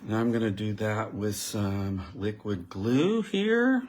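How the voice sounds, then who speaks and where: A man's voice: on the low side, expressive, takes it slowly, darkish tone. A man giving a live card-making demonstration, chatting and thinking aloud as he works and talking directly to his viewers. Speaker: crafting demonstrator.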